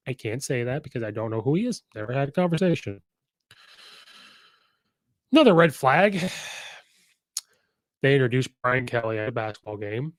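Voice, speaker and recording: A man's voice: medium pitch, dry recording, rough recording. Chatty man giving football opinions. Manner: chatty, opinionated, acts out quotes. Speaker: host and football commentator. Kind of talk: casual sports commentary.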